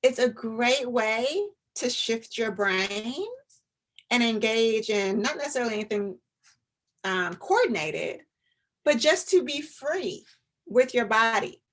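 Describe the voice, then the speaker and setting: A woman psychologist giving an informal, chatty talk to parents, animated and now and then dropping into a soft whisper to show a point. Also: fairly high pitch, slow pace. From US, Atlanta area. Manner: chatty and animated, often drops to a demonstrative whisper.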